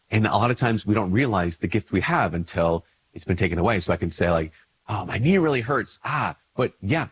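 A man, a priest, talking casually to camera while congested with a cold. He slips into quick little dialogues where his voice lifts. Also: slightly rough. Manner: conversational, acts out little dialogues with lifted pitch. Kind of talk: casual spoken reflection to camera.

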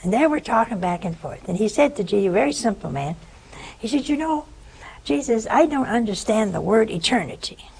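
Older woman with a gravelly, husky voice. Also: medium pitch, fairly quick, low-quality recording. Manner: animated storytelling, acting out voices, dropping to whispers. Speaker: religious sister giving a talk. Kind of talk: storytelling sermon.

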